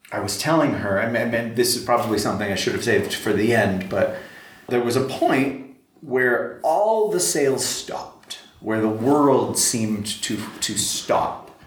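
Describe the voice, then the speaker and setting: A man in casual chat who tells stories in an animated way, stammering and restarting his sentences often. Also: medium pitch. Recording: echoey room, faint background noise.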